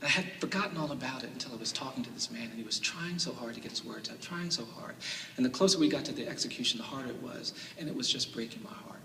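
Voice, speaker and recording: A man's voice: medium pitch, fast talker, bright, forceful tone, slight background noise. A man giving an earnest storytelling speech as a lawyer at a summit. He repeats phrases and builds them into emphatic cadences. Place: large hall at a summit. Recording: echoey hall from a distant mic.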